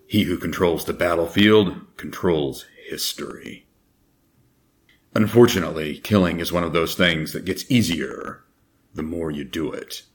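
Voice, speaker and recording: A man doing an impression of a gruff, weary middle-aged soldier in his own deep, gravelly morning voice, with a slow, brooding delivery. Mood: grim. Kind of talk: character impression.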